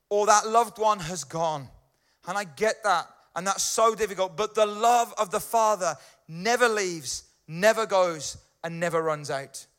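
A man preaching a friendly, chatty sermon in a fairly high voice, pausing to check in with his listeners. His tone is bright and forward. He sounds middle-aged. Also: clean tone. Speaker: pastor. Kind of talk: conversational sermon.

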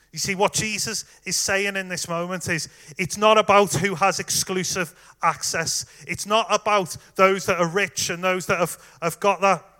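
Male preacher, high bright voice, chatty sermon delivery, addresses the congregation directly. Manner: conversational, warm direct address with fillers.

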